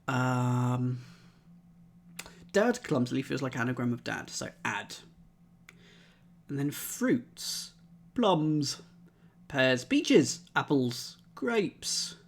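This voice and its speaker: Male streamer, unhurried delivery, puzzles things out aloud, working through options one by one. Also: mid-range voice, lively intonation. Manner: muses aloud, methodically tries out letters and words. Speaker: streamer solving crosswords. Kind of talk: thinking aloud, chatting with live chat.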